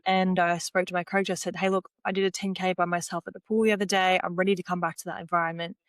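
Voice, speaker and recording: A woman's voice: fairly low pitch, fast talker, dry recording. A young woman, a former swimmer and podcast guest, talking casually about her past and quoting what she and others said. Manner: retells conversations by quoting herself and others; relaxed, frequent "like" and "you know" fillers. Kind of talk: casual interview storytelling.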